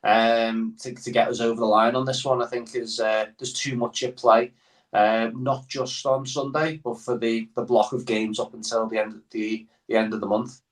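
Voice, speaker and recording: A man's voice: medium pitch, flat delivery, normal speed. A man chatting as a guest on a football podcast, rambling with many fillers. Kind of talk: casual football podcast chat. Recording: voice somewhat far from the mic.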